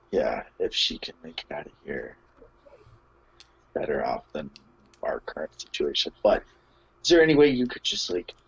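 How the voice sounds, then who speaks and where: Man as worried adventurer, low husky voice, halting delivery, lo-fi mic. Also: full character voice. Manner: hesitant, stammering restarts. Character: concerned male adventurer visiting a jailed friend. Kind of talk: in-character tabletop role-play. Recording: dull lo-fi mic.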